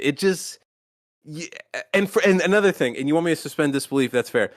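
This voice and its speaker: A man's voice: on the high side, expressive, fairly quick, dry recording, studio quality. A man hosting a podcast in casual chat, rambling and swearing, with many restarts. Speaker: podcast host.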